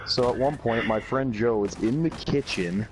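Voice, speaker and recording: A man's voice: medium pitch, moderate pace. A young man with a Canadian accent casually telling a rambling party story, swearing constantly. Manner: profane, rambling, laid-back. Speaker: YouTuber. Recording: loud background noise.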